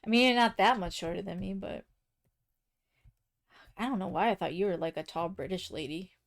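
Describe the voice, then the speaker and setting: A woman with a noticeably gravelly, fry-laden voice chats with her viewers as she draws on a live stream. She teases herself about her mistakes and talks straight to her chat. Her voice often sinks into low mutters while she concentrates. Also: a little fast. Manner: chatty, self-mocking, talks to her chat; often drops to quiet muttering while working. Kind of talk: casual chat while drawing.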